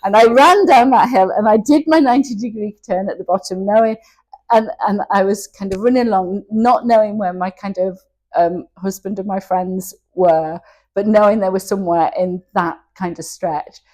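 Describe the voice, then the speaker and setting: A woman's voice: mid-range voice, moderate pace, a little mellow. A woman, telling her personal story in an interview, candid and emotional, often laughing as she speaks. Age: 60s. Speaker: interview guest.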